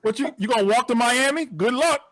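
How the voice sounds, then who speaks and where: High-voiced animated stand-up comedian. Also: male voice, a little fast. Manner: animated storytelling, acts out incredulous outbursts. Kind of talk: virtual stand-up set. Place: home, on a video call. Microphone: video call.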